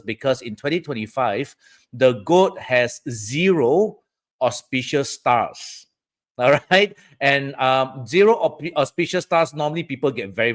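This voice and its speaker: A man from Southeast Asia with a mid-range, fairly bright voice hosts a live-streamed feng shui talk. He's chatty, often checking in with "all right" and "okay, guys."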